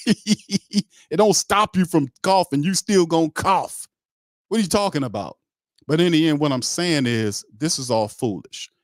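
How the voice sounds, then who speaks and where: A man's voice: mid-range voice, no room sound, clean studio sound. A man hosting a sports talk show, giving blunt, emphatic, heated opinions in casual slang.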